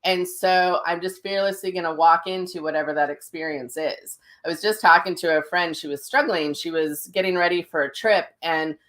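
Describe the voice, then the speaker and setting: A woman's voice: lowish voice, fairly even intonation, normal speed, hardly any pauses, a bit bright. A middle-aged woman hosting a casual livestream as a psychic medium, telling stories with lots of ums and restarts. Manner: chatty storytelling with many fillers and restarts.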